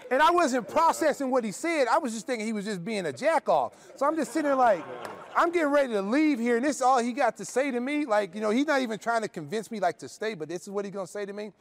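Animated storytelling middle-aged man. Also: very high-pitched, quick pace, creaky. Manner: animated storyteller, acts out dialogue. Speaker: former college basketball player. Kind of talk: storytelling in a podcast roundtable.

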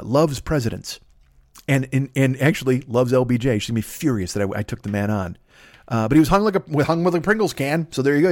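A man's voice: medium pitch, no room sound, clean studio sound. A man delivering a crude, rambling comedic monologue as a podcast host, swearing constantly and slipping into songs and voices. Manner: profane, rambling, bursts into singing and put-on voices.

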